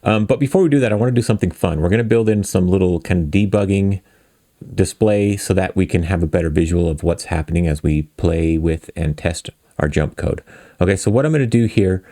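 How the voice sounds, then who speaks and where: A man hosting a game dev tutorial, walking through code in a relaxed, chatty, self-deprecating way. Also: low voice, brisk, dry recording, studio quality. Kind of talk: casual screen-recorded coding tutorial.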